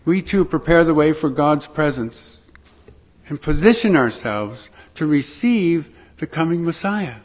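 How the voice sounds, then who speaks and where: A man preaching a sermon to his congregation, slow and emphatic, with dramatic pauses. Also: a little high, lively intonation. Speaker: pastor.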